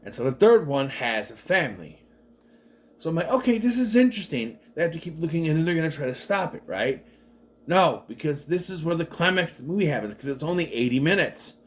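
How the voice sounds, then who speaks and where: A man reviewing a movie in a loose, rambling way, full of fillers and false starts. His voice sits fairly high for a man and swings widely up and down as he gets animated. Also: brisk. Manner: rambling, chatty, many fillers and restarts; animated, acts out the characters' lines.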